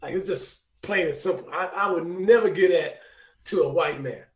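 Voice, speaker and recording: A man's voice: fairly high pitch, normal speed. A man who is a regular on a talk show, arguing indignantly with profane rhetorical questions. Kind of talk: casual argumentative chat. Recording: roomy echo.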